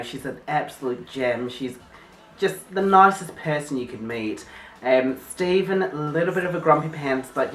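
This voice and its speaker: Playful man, mock interview guest, rambling, roomy and off-mic. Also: medium pitch. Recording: roomy and distant.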